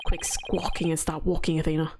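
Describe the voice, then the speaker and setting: A laid-back male prosecutor with a dry, teasing edge, as a woman reads his lines. The delivery is quick and a little lower than her own voice. It is read straight off the screen, with no heavy character voice. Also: flat delivery, music in the background.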